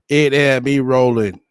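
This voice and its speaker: A man's voice: mid-range voice, clear, resonant tone, no echo, clean studio sound. A man giving casual reaction commentary on a clip, crude and profane in a mocking way.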